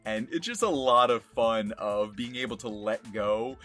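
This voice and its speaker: A man's voice: mid-range voice, measured pace, fairly bright tone, faint music behind. A young man casually explaining his voice acting work, chatty and laughing often. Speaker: voice actor.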